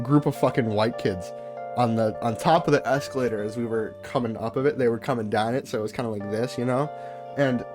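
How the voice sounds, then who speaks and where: Profane, laughing young male streamer. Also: medium pitch. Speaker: streamer host. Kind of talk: casual reaction commentary.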